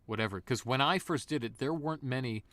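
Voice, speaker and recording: A man guest voice actor in a casual interview, an animated storyteller. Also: medium pitch, fast, no room sound.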